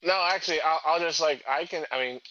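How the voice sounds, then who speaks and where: A man playing a tabletop game who keeps stumbling and repeating himself. His voice is sharp and bright, and comes through a dull, lo-fi mic. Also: on the high side. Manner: halting, stumbles and repeats words. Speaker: player. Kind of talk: casual tabletop game chat.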